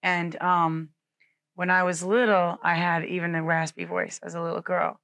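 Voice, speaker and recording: A woman singer in her twenties from the United States, answering interview questions in a relaxed, offhand way, her voice tired and low from little sleep. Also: moderate pace, vocal fry, dry recording. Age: 20s.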